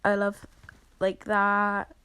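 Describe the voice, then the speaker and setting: A woman talks viewers through her editing in a loose, chatty way, full of fillers and apologies. She is sick and congested, with a cough. Her voice sits at a middle pitch and sounds dry, with no room around it. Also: completely flat delivery, extremely slow, bright, forceful tone, clear, resonant tone, dry recording. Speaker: video creator showing her editing process. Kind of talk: casual screen-recording walkthrough.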